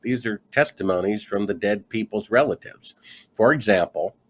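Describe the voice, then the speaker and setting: A man's voice: on the low side, normal speed. A middle-aged man, a guest author in a conversational interview, telling his story with energy and acting out the dialogue he quotes.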